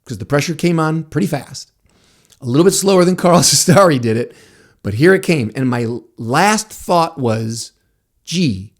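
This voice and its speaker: A man hosting a podcast, telling a personal story in a casual, animated way, laughing often and acting out what people said. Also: medium pitch. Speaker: podcast host, martial arts instructor.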